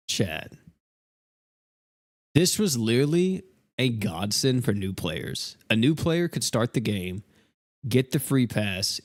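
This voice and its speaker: A young man livestreaming a game, rambling casually and exasperatedly to his chat viewers. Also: lowish voice.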